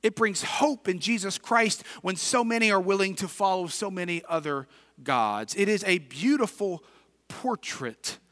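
A high, bright male pastor with a Midwestern American accent delivers a sermon in a church, his voice ringing through a long reverberant hall. He drops to near-whispers at the ends of phrases and rises to shouted emphasis. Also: expressive, unhurried. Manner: builds from quiet reflection to shouted emphasis. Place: church sanctuary. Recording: reverberant hall, distant at times.

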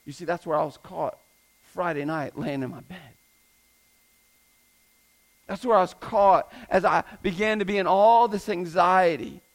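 A man's voice: high voice, a bit bright, low-quality recording. A man preaching a sermon as pastor, emphatic, repeating his points and asking the congregation rhetorical questions.

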